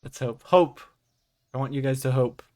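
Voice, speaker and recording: A young man running a tabletop game as game master, with animated, jokey narration. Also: mid-range voice, quick pace.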